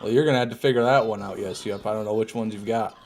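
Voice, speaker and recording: A man's voice: fairly low pitch, steady tone, quick pace, a little mellow, slight background noise. A man streaming a game live, rambling and joking, answering chat questions and swearing now and then. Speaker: gaming streamer. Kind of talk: casual live gameplay commentary.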